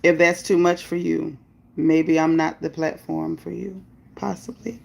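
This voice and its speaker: Woman streamer, gravelly voice, blunt and opinionated, shouting out chatters by name. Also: low-pitched, little pitch movement, a little slow, slight background noise. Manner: blunt, opinionated, firm with chat rules; greets viewers by name, upbeat bursts. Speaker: livestream host. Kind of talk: live chat commentary, reading viewer comments.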